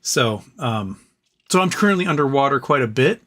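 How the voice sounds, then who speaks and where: A man's voice: mid-range voice, animated, normal speed, a bit bright. A man hosting a casual livestream, reading viewer messages aloud and joking and rambling between them. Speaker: livestream host reading super chats.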